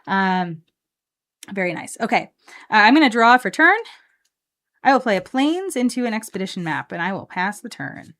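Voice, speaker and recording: A woman's voice: medium pitch, very animated, moderate pace, pauses often, a bit bright. A woman hosting a live card game stream, chatting casually and upbeat with lots of fillers while she plays.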